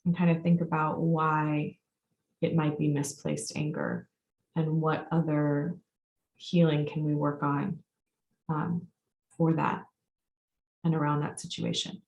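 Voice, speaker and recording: A woman facilitator leading a group through a guided release exercise, speaking calmly and repeating her prompts with pauses. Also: sits low, vocal fry, lo-fi sound. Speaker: workshop facilitator and coach. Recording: echoey room sound.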